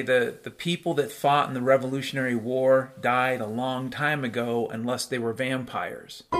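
A man's voice: medium pitch, a bit bright. A man hosting a solo commentary show, ranting in a profane, sardonic way. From United States. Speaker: podcast host.

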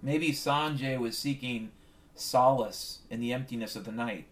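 A man's voice: medium pitch, measured pace. A man hosting a show, rambling through a profane, conspiratorial comic monologue. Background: piano music.

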